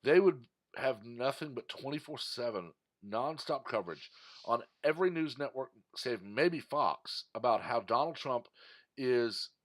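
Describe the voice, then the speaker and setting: A man's voice: mid-range voice, expressive, measured pace. A man from Texas delivering an indignant, emphatic political commentary monologue, ranting at his audience.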